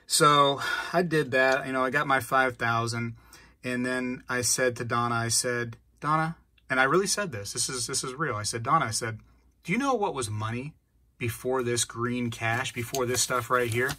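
Rambling, husky-voiced man telling a story. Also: medium pitch, normal speed, dry recording. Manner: animated, rambling, acts out dialogue. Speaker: channel host. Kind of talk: casual storytelling vlog.

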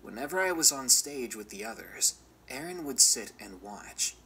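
A man reading a first-person horror story aloud as scripted narration, measured and often dropping to a whisper. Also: medium pitch, big pitch swings, sharp tone, a little hiss or hum, rough recording.

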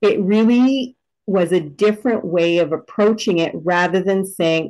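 A woman in a casual group conversation, telling a story in an animated way and laughing at herself. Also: lowish voice, measured pace, rough recording. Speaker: discussion participant.

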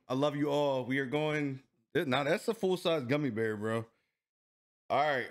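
Slow-talking excitable young man vlogging. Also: mid-range voice. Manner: excitable, swearing, groaning and coughing from spicy food. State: in pain from heat, teary. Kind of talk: casual food challenge vlog.

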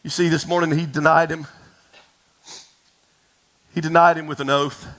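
A man preaching a sermon to a congregation, telling a story dramatically, sometimes dropping to a hush and sometimes rising to a shout, and speaking straight to his listeners. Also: fairly high pitch, little pitch movement, normal speed, poor audio. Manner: addresses the congregation directly. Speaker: pastor.

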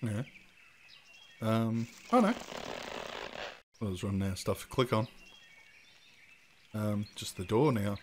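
Casting: guy doing let's-play commentary, dry sarcastic asides, mid-pitched, faint hiss. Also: slow pace, pauses often. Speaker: game commentator.

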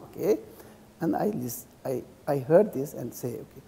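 Husky-voiced Tibetan monk teaching. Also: male voice, on the high side, lively intonation, dark tone. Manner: halting non-native English, keeps checking in with "okay?"; acts out insults and praise with a laugh. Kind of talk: dharma class lecture. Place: teaching room in a cultural center. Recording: reverberant hall.

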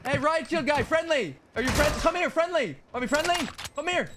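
Hyped guy streaming a shooter, high lively voice, yelling at teammates, game noise behind. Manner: loud rapid team callouts, shouting. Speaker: gaming streamer. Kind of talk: excited gameplay commentary. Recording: gameplay noise under voice. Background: game sounds and clicks.

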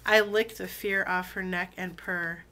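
This video blogger is sick, so her voice sits lower than usual, bright in tone yet slow and easy. She chats casually in a relaxed way with plenty of um fillers, then reads poems aloud in a deliberate, drawn-out manner.

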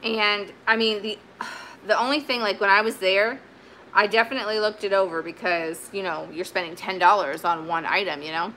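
A chatty woman talks through her thrift finds in an easy, rambling way, full of fillers and restarts. Her voice is bright and forward, with a faint hiss in the background. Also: mid-range voice, fairly even intonation, moderate pace. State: sweaty, warm. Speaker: vintage reseller. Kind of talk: casual haul video chat.

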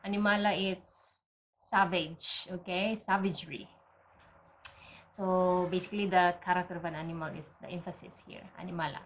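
A woman's voice: lowish voice, fairly even intonation, moderate pace, slight background noise, poor audio. A woman who speaks as her teaches an online language lesson, explaining patiently step by step and often checking in with "okay?".

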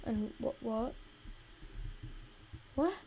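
A woman's voice: a little high, animated, drawn-out words, warm tone, slight background noise. A woman giving casual gameplay commentary, chatty and easily exasperated as she plays. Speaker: gaming video host.

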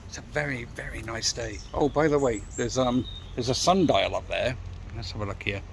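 A man's voice: medium pitch, moderate pace, gravelly, slight background noise. A middle-aged man, chatting casually to camera as a motorcycle vlogger while walking around outside by a church, rambling and talking straight to his viewers. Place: outdoors by a church and graveyard.

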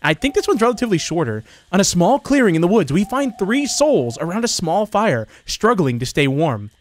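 A young man hosting a horror game let's-play, chatty and excitable with jumpy reactions. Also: sits high, a little fast, hardly any pauses, no room sound. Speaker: gaming channel host.

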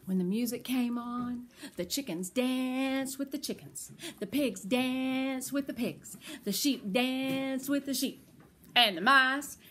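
Grandma reading a picture book to little ones, high bright voice, slow and tender. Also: female voice, slight background noise. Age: older. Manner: tender, slow and expressive storytelling. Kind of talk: children's read-aloud.

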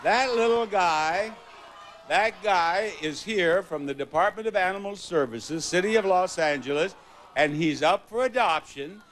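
With a high voice and a little hiss or hum in the sound, an older man hosts a game show in a TV studio with a live audience. He draws out his words, playful and teasing toward contestants, while the audience and music are loud.

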